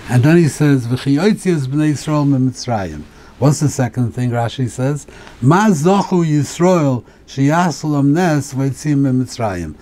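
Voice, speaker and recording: A man's voice: mid-range voice, expressive, measured pace, warm tone. A male rabbi teaching a Torah class, asking question after question and often repeating and restarting his words.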